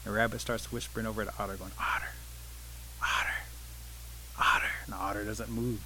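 Male storyteller, bright, forceful voice; relaxed oral telling of a folk tale. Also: lowish voice, racing, slight background noise, poor audio. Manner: relaxed, vivid scene-setting.

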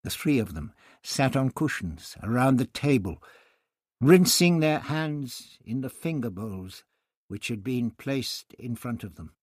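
A man reading a novel aloud in measured scripted narration. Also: medium pitch, very animated, no echo, clean studio sound. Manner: measured storytelling. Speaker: audiobook narrator.

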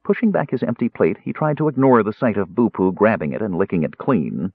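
A fairly low-voiced man narrates a fantasy audiobook with lively, animated pitch and a husky tone. The recording is dry and tinny, like it is coming over a phone. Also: fairly quick, few pauses, dry recording. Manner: dramatic, lively storytelling.

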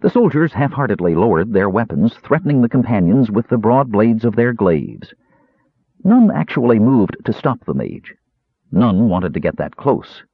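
Low, husky male narrator for a fantasy audiobook, expressive, phone-thin audio. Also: normal speed, dry recording, phone-quality sound. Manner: expressive, varied delivery. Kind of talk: scripted narration.

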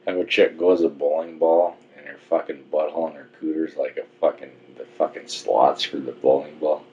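Deep-voiced laughing man on lo-fi podcast. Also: fairly even intonation, brisk, mellow. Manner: laughs often, profane wisecracks. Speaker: podcast co-host. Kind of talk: crude casual banter. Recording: dull lo-fi sound.

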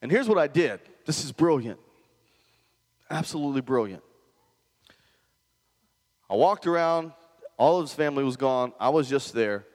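A man's voice: mid-range voice, in a large hall. A male pastor preaching a conversational sermon and often asking the congregation questions.

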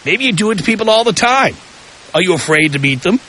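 A man with a high, bright voice hosts a call-in radio talk show. He swings his pitch widely as he drives home provocative, pointed questions with heavy emphasis. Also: expressive, quick pace, low-quality recording.

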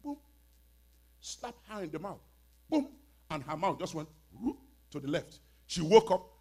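Preacher guy, husky high voice, dramatic storytelling, hushed then loud. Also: expressive, normal speed. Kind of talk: storytelling sermon.

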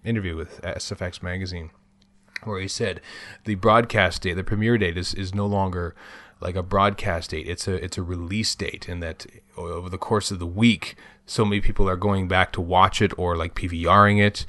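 A man's voice: low-pitched, steady tone, normal speed, sharp tone, dry recording. A man co-hosting a podcast, chatting casually and rambling with lots of fillers. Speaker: podcast co-host.

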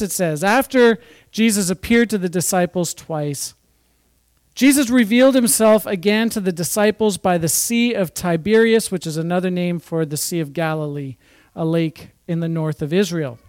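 A man's voice: sits high, normal speed, no echo. A man giving an informal Bible teaching, reading scripture with chatty, jokey asides. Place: church or fellowship hall.

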